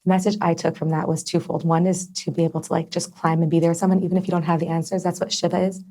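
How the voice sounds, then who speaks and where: A woman's voice: on the low side, level tone, very fast, mellow. A young adult woman as a podcast guest, talking in an earnest, heartfelt way with many fillers. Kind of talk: personal conversation.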